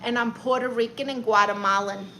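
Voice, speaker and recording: A woman's voice: on the high side, fairly even intonation, sharp tone, a little hiss or hum. Woman playing a brassy Brooklyn auntie. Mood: sassy. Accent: Brooklyn New York. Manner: sassy, brassy, quick comebacks. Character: brash Brooklyn aunt who plays a self-appointed therapist. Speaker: comedian doing a character livestream. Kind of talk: character comedy livestream reading chat comments.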